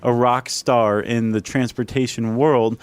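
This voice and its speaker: A man's voice: medium pitch, steady tone, a little slow, clear, resonant tone, no echo. A man co-hosting a casual podcast chat, explaining ideas with dry sarcasm. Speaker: podcast co-host.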